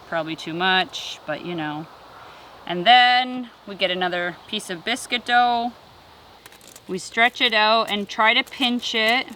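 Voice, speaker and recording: A woman's voice: mid-range voice, pushed and bright, slight background noise. A woman hosting a family vlog, chatting casually as she cooks treats over a campfire outdoors. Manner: chatty, explains steps while cooking. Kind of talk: casual cooking demonstration.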